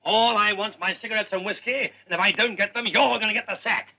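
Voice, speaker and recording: A man's voice: high voice, fairly quick, gravelly, sharp tone, exaggerated voice. A man playing a petulant, bedridden captain who blusters for whiskey and cigarettes in a 1950s British film.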